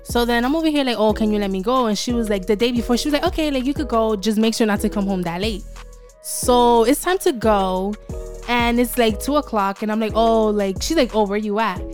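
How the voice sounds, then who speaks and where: A teenage girl with a fairly high voice tells animated stories in casual podcast chat, slipping into Spanish when she quotes her mother. Soft music plays underneath. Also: a little fast. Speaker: podcast co-host.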